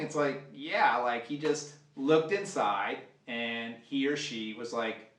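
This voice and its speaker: A man's voice: medium pitch, moderate pace, a bit bright. Profane, rambling man teaching fly tying. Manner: rambling, profane, joking asides. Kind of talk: casual live fly-tying demo. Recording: roomy sound, mic at a distance.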